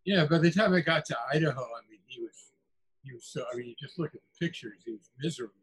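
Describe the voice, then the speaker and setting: Husky older man telling stories. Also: a little high, fast talker, a bit bright, poor audio. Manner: chuckling anecdotal storyteller with frequent restarts. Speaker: author guest. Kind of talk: conversational interview.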